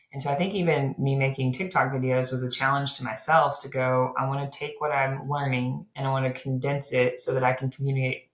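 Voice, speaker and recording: A woman with a strikingly deep, low voice, talking casually as an interview guest. She tells her stories in a chatty way, leaning on "like" as a filler. The sound is roomy and echoey. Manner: chatty storyteller, many "like" fillers. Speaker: loan officer guest.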